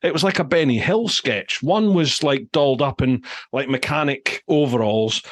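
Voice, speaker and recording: A man with a Scottish accent hosting a casual chat, telling stories in an animated way with lively asides. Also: medium pitch, moderate pace, no room sound, studio quality. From Scotland. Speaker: podcast host.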